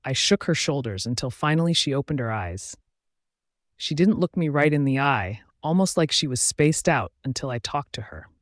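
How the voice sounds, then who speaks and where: A man's voice: medium pitch, animated, normal speed, a bit bright, no room sound. Man narrating a first-person audiobook, dry sound.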